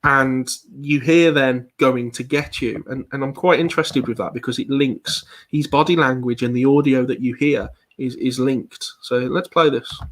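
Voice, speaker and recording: A man walks through an online presentation on paranormal investigation. His voice sits at an ordinary pitch, and he hesitates often, restarting phrases and filling gaps with ums. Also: steady tone, moderate pace, hardly any pauses. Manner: hesitant, frequent ums and repeated words.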